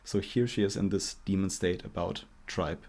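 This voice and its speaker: A man's voice: low-pitched, fairly even intonation, moderate pace, gravelly, a little mellow. A man co-hosting a personality class, talking frankly and analytically about a clip. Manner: frank, analytical, stresses points with "frankly" and "really". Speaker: co-host teaching personality typing. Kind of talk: analytical commentary.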